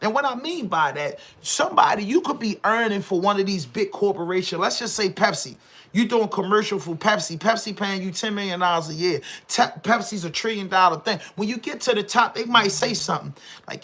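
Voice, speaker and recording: A man's voice: high voice, expressive, brisk, pushed and bright. A man with a Baltimore accent hosting a podcast, giving a heated, slangy commentary monologue full of rhetorical questions. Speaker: podcast host.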